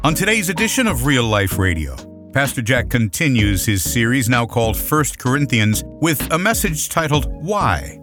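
A man reading a scripted radio show introduction in a smooth promotional manner. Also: medium pitch, sing-song, normal speed, over music. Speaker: radio announcer. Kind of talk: scripted announcement.

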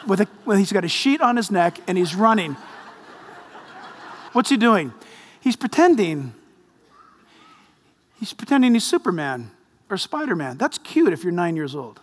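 Man, 50s, pastor, animated sermon, high voice, long church reverb. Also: moderate pace, pauses often. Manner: animated storytelling preacher with jokes. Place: large church hall.

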